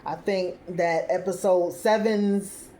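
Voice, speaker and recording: Host woman, slightly low voice, casual sassy recap chat, animated quotes and slang. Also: slow pace, a little hiss or hum. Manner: chatty, laughs often, acts out quoted lines; uses casual slang like "child" and "y'all".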